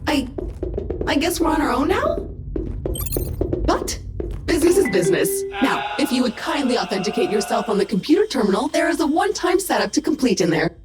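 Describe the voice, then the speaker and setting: Peppy ai sidekick, high and bouncy, dry little jokes, game music behind. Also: female voice, very animated. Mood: chipper. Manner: bubbly, quick and dryly businesslike. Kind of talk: video game voice acting.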